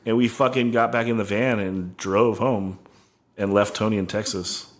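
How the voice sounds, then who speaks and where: A man's voice: lowish voice, steady tone, moderate pace. A man in casual podcast chat, rambling through a tour story with constant "like" fillers.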